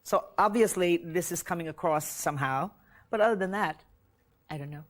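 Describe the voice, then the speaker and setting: A woman's voice: on the low side, a little fast. American woman chatting on a talk show. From United States. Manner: laughs often, playful and animated. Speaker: guest. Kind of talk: casual TV interview chat. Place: TV studio set dressed as living room, with audience.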